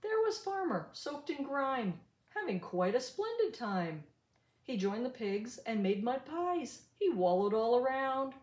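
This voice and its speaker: An older woman reading a rhyming picture book aloud in an animated, sing-song way. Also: on the high side, measured pace, roomy sound. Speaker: storybook reader.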